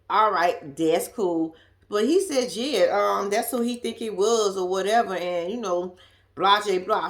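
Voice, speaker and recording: A woman giving a blunt, profane, sassy recap of a reality show in casual chat, laughing often. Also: a little high. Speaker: reaction commentator.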